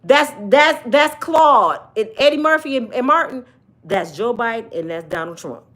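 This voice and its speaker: A woman delivers casual comedic commentary, joking and cussing freely. Her voice sits high and swings widely in pitch. She sounds animated and playful. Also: normal speed. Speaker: YouTube commentator.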